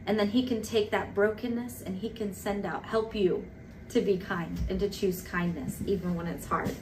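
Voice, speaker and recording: A woman in her thirties giving a casual devotional talk as a church leader, animated and playful, with quick asides. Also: medium pitch. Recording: recorded from a distance with faint noise.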